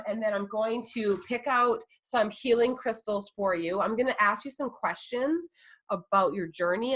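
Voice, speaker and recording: A woman life coach hosting a live webinar, gushing and excitable, full of fillers and "like". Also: mid-range voice.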